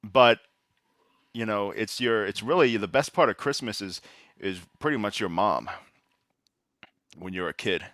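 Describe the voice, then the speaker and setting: A man chatting casually on a podcast, telling stories in a relaxed way with lots of fillers. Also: on the low side, unhurried, long pauses, no echo, studio quality. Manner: relaxed storytelling, many fillers. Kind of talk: casual chat.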